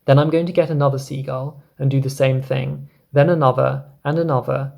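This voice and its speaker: James, a steady earnest young boy talking his friends through a bold plan in a storybook reading, as a man reads him aloud. The voice sits a little higher than the reader's own and has a gravelly, creaky edge. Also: fairly quick, lightly acted. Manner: earnest, explaining patiently. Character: young boy, calm and determined.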